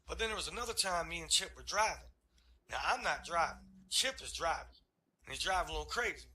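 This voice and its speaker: Bright, animated stand-up comic, a man. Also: on the high side, fast talker. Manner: animated, profane, chuckles through lines. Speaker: stand-up comedian. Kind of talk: stand-up storytelling.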